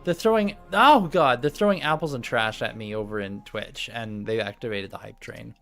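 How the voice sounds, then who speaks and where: A man's voice: on the low side, fairly quick, gravelly, a bit bright, faint music behind. A man narrating a tabletop game as game master on a live stream, rambling and easily distracted, laughing often.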